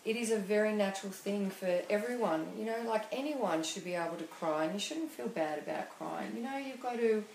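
Woman interviewer, gentle and probing, echoey room. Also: medium pitch, brisk, few pauses. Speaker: host. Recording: roomy studio with faint hiss.

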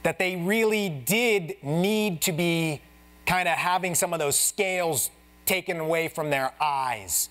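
A male pastor gives a conversational sermon in a church, his voice sitting a little high for a man. He explains the passage as if chatting with friends and slips into the voices of the characters as he tells their story. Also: a little slow. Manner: casual, chatty teaching, addresses the congregation as "you guys"; acts out the Bible characters in lively voices. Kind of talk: expository sermon. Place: church sanctuary.

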